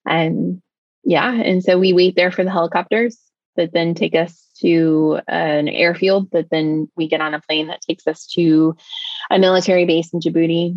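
A woman's voice: deep voice, a little mellow, no room sound, highs cut off. Woman, rambling with many likes. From United States. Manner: tumbling, filler-heavy storytelling with many likes. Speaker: interview guest. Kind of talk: personal story told in conversation.

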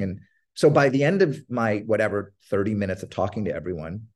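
A man's voice: on the low side, fairly quick. A man, a TV producer as a podcast guest, telling stories and acting out old phone calls. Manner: animated storyteller, acts out phone calls. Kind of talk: casual interview storytelling.

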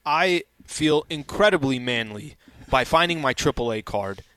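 A man's voice: medium pitch, animated, a little slow, a bit bright, no room sound. A man speaks in an emphatic, insistent way while co-hosting sports talk, repeating lines to drive home his point. His voice is recorded close and dry in a studio. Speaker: co-host. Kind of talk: casual sports radio banter.

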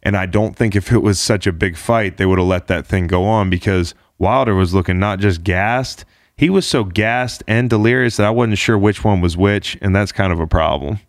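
Rambling, animated lower-voiced man, dry sound. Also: moderate pace, dry recording. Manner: rambling and animated, heavy on "like", swears casually. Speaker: podcast host. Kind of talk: casual sports chat.

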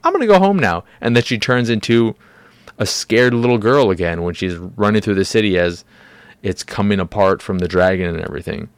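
A man hosting his own podcast, venting in a heated, profane rant. His voice sits a little low and is recorded dry and close in a small room. He breaks into mocking, high put-on quotes now and then. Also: fairly even intonation, normal speed, clear, resonant tone, dry recording. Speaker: podcast host.

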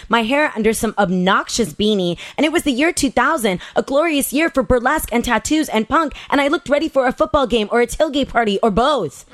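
Lively, frank woman telling her own story. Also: on the high side, no echo. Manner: candid, profane, laughs at herself. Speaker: podcast host. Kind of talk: reading a personal story aloud.

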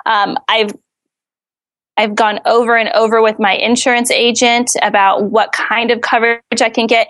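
A woman's voice: mid-range voice, fairly bright tone, no echo. A woman answering interview questions as a house flipper, earnest and candid with a dry sarcastic streak.

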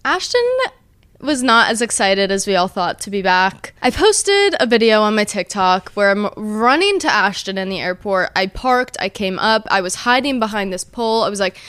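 A woman's voice: mid-range voice, animated, normal speed, a bit bright, clean tone, no room sound. A woman in her early twenties hosting a casual vlog, gushing and chatty, with a lot of "like" in her storytelling. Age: early 20s. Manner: bubbly, gushing, says like a lot. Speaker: host.

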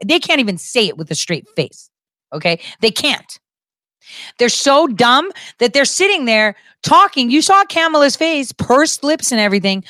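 A woman's voice: on the high side, animated, unhurried, a bit bright, no room sound, studio quality. A woman giving an emphatic, repetitive political monologue with crude asides.

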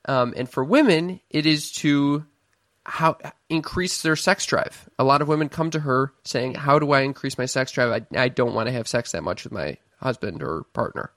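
A man's voice: medium pitch, normal speed, fairly bright tone, no room sound. A young man from Chicago, whose accent shows, trades jokes as co-host of a casual podcast. He teases and puts himself down. His mid-range voice is recorded dry and close, with no room sound. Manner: joking, self-deprecating. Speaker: podcast co-host, stand-up comic.

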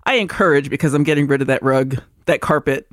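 A woman co-hosting a podcast, telling a lively story in casual chat and acting out her cat's thoughts in little voices. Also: low-pitched, fast, dry recording, studio quality. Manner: animated storyteller, acts out her cat. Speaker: podcast co-host. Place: converted barn in the country.

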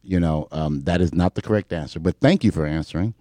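A man co-hosting a podcast in casual chat, talking in halting bursts with restarts and a playful quizzing manner on a close mic. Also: deep voice, warm tone, dry recording. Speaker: podcast co-host.

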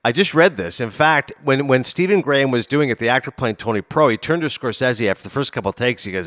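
A man's voice: medium pitch, fast, hardly any pauses, no echo, clean studio sound. A man co-hosting a casual sports talk show, telling stories and acting out movie lines. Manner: animated storyteller, mimics lines. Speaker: podcast co-host.

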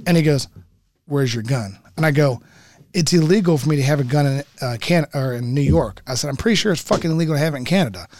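A man telling a long story in casual chat, profane and animated, acting out both sides of a dialogue. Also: fairly high pitch, quick pace, no room sound. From United States.

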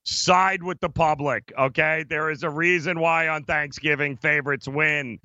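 A man's voice: fairly high pitch, steady tone, unhurried, bright, forceful tone, dry recording, lo-fi sound. A man co-hosting a sports betting show, talking emphatically in casual chat and often laughing. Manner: emphatic, laughs often, addresses co-host by name.

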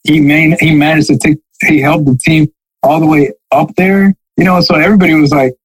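A man's voice: fairly high pitch, steady tone, brisk, rough recording. A man co-hosting a casual soccer podcast, rambling with lots of fillers and dry sarcasm. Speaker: podcast co-host.

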